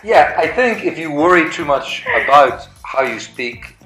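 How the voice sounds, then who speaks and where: A man with an Irish accent, an English teacher, chatting in a relaxed, easygoing way in an echoey room. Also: a little high, a little slow, soft background music. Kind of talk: casual chat.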